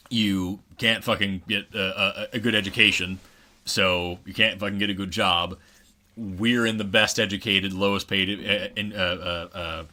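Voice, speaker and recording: A man's voice: low voice, bright, forceful tone. A young man from Oklahoma co-hosting a podcast, ranting angrily and swearing a lot in casual chat. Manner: angry, profane ranting. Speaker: podcast co-host.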